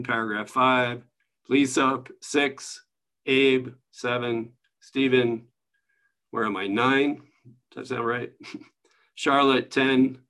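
A man leading an online spiritual study group, teaching in a relaxed, conversational way and chuckling often as he hands out readings over a video call. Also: mid-range voice.

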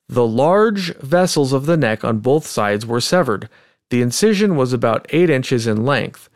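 A man's voice: mid-range voice, dry recording. Man reading grim testimony, dry sound. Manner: reads testimony aloud in a measured, deliberate way. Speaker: podcast co-host. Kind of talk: casual true-crime podcast chat.

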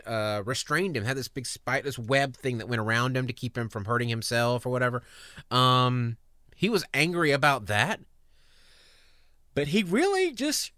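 Bright-voiced man telling an earnest story. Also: mid-range voice, no echo, studio quality. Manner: earnest, emotional, halting. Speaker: podcast host. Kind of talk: personal storytelling on a podcast.

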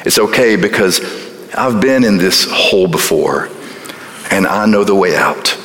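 A man preacher voicing a steady, reassuring friend in a story, speaking low and calm. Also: unhurried. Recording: echoey hall with long reverb.

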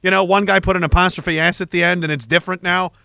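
Sarcastic ranting man, bright sharp voice. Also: sits high, fairly even intonation, fast talker, creaky, smooth, dry recording, clean studio sound. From Canada. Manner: rambling, sarcastic, profane, laughs between thoughts. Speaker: vlogger. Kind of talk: comedic rant.

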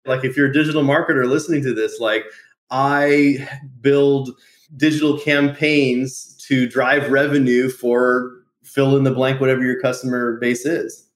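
A man being interviewed about his business, telling lively stories, acting out quotes and laughing often. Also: medium pitch, moderate pace. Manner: animated storyteller, laughs often, acts out quotes. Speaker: podcast guest, entrepreneur. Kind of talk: casual interview storytelling. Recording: roomy echo.

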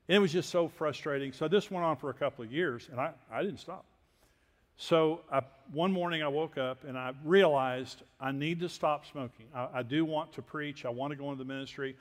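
Folksy older preacher in a reverberant hall. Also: male voice, fairly high pitch. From Texas. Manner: folksy, self-deprecating storytelling with quiet asides. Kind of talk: sermon storytelling.

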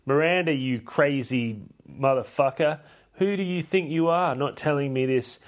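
A man's voice: a little high, moderate pace, pitched above the performer's own voice, close to an everyday voice. A man putting on the voice of a furious woman ranting at her best friend in exaggerated mock outrage.

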